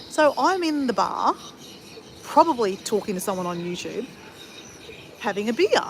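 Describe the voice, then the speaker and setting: A woman's voice: fairly high pitch, expressive, measured pace, long pauses, slight background noise. A woman of fifty chatting casually on a travel livestream and answering viewers in a rambling, talkative way with frequent swearing. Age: 50s. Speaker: travel vlogger.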